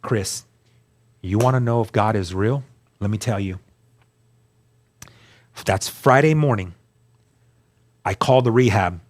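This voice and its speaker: A man's voice: fairly low pitch, takes it slowly, pauses often. Earnest man telling his testimony. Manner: earnest storytelling, acts out quoted dialogue. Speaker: guest sharing testimony. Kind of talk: personal testimony interview.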